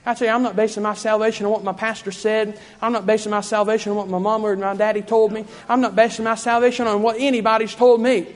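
A preacher man delivers a revival-style sermon in a church, his fervent cadence circling back on the same phrases. His voice sits high for a man. The sound carries a long reverb from the hall. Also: little pitch movement, quick pace, few pauses.

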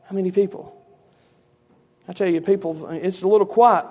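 Brief: high-voiced male preacher giving a conversational teaching sermon full of rhetorical asides. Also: fairly even intonation, normal speed, darkish tone, slightly rough.

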